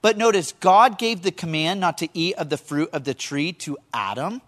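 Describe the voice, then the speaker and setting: High-voiced man preaching a sermon. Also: moderate pace. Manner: animated storytelling, asks the congregation questions. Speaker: pastor.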